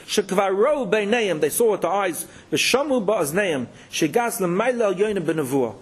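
A rabbi telling Torah stories, chanting Hebrew verses and then explaining them in English. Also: male voice, high voice, animated, normal speed, hardly any pauses, husky. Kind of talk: storytelling Torah talk.

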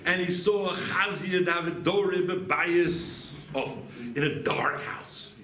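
A man teaching a Talmud lesson as a rabbi, animated and often asking rhetorical questions with a quick "right?". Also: high-pitched. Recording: echoey room with faint background noise.

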